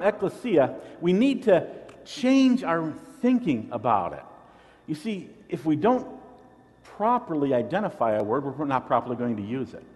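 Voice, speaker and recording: A man's voice: fairly high pitch, a little mellow, long reverb tail. A man pastor preaching a sermon, teaching in an earnest way and often repeating a word as he restarts.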